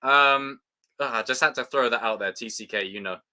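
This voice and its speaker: A British man hosting a casual live review chat, excitable and sweary, with plenty of fillers. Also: medium pitch, normal speed. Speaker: show host.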